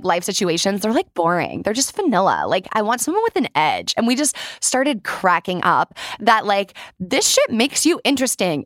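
A woman's voice: medium pitch, no echo, studio quality. A young woman hosting her own podcast, talking casually and earnestly, with frequent "like"s and casual swearing. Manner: chatty, says "like" often, swears casually. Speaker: podcast host. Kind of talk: casual solo podcast talk.

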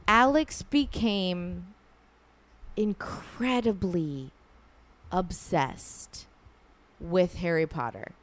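A woman's voice: a little high, clear, resonant tone, no echo. A woman, hosting a podcast in a casual, slangy way full of asides. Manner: chatty, slangy, fast asides, frequent "like". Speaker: podcast host. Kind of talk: casual chat with ad read.

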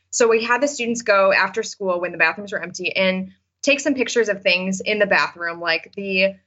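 Chatty bright-voiced woman teacher. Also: mid-range voice, moderate pace, hardly any pauses, dull audio. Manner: chatty, many fillers and restarts. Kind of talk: interview answers, storytelling.

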